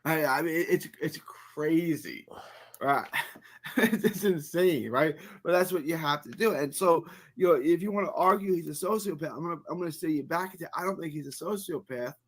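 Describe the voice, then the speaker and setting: A man's voice: on the high side, moderate pace, a bit bright. A man from Texas giving an opinionated video monologue as an online commentator, earnest and prone to repeating words as he builds a point.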